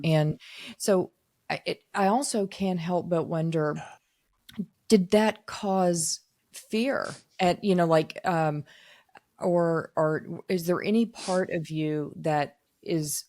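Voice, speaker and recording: A woman with a somewhat low voice hosts a casual podcast interview. She asks reflective questions, pausing on fillers and restarting her sentences. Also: warm tone, no room sound, clean studio sound. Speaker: podcast host.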